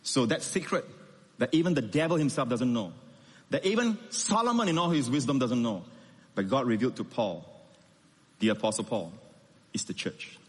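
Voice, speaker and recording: A man's voice: mid-range voice, very animated, normal speed, long pauses. Man preaching in a reverberant hall. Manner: emphatic preaching, rising and falling with stressed words. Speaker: pastor. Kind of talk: sermon.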